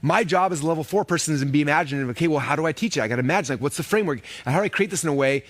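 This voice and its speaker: A man in his thirties speaks at a fast clip with a fairly high voice. He tells stories in a lively seminar style, acting out quoted lines with many casual fillers. The sound is dry and close. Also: no echo. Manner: animated, acts out quoted dialogue with many fillers. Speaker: speaker teaching online business. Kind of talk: energetic seminar storytelling.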